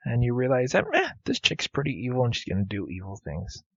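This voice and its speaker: A man's voice: medium pitch, very animated, quick pace, gravelly, few pauses, a bit bright, slightly rough, no room sound. A man giving chatty, punning, self-deprecating commentary over a game he is playing. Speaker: let's play host. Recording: dull lo-fi recording with faint game music.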